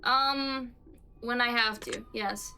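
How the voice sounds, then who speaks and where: A woman with a Southern US accent streams live, reading quiz questions and answering them off the cuff. Her voice sits a bit high and sounds very bright, and she talks in a halting, rambling way, restarting and trailing off into asides. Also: steady tone, clean tone, low-quality recording.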